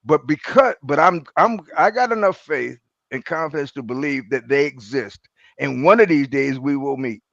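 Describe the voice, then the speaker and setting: A man with a gravelly voice speaks earnestly and reflectively on a political panel. The sound is dry and close. It is also a little dull and lo-fi. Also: medium pitch, expressive, normal speed, a bit bright, dry recording. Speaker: political roundtable guest. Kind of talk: political discussion.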